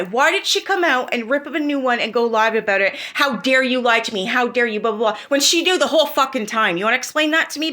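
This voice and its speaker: A woman's voice: high-pitched, bright, forceful tone. A woman hosting her own channel, talking through online drama in a heated, profane way and firing off rhetorical questions. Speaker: commentary channel host.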